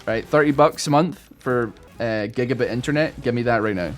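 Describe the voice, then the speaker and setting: Man, gaming commentary, rambling storyteller, lots of swearing, mid-pitched voice, faint music behind. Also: fairly quick. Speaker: gaming YouTuber. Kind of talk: casual gameplay commentary.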